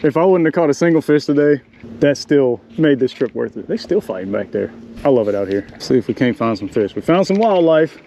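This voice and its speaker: A man, chatting excitedly to the camera while fishing in a marsh from a small boat. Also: mid-range voice, fairly quick, slight background noise. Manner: excitable, talks to the animals and the viewers. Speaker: fishing vlogger. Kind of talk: casual running commentary while fishing. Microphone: action camera mic.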